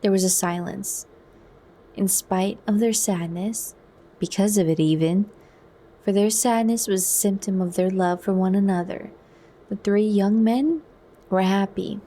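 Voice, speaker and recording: Soft slow lady reading a book, mellow asmr vibe. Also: medium pitch, slight background noise. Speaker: book reader.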